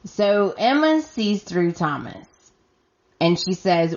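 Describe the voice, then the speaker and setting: A woman hosts a podcast and recaps the week's episodes in a slow, unhurried voice pitched a little low. She talks casually and with exasperation. The recording sounds dull and lo-fi. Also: animated. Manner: chatty and exasperated, acting out her reactions. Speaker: podcast host. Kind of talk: casual recap of a soap opera.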